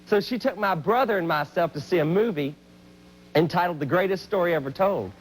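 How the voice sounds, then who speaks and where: A man telling a comic story on stage, animated and hyperactive, with sudden loud outbursts. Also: sits high, brisk, poor audio. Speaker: Christian comedian and singer.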